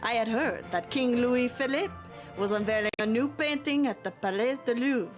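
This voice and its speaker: A woman's voice: fairly high pitch, normal speed, soft background music, lightly acted. A woman voicing a flamboyant male fox prince in a put-on Spanish accent, grand and courtly, while reading a visual novel aloud.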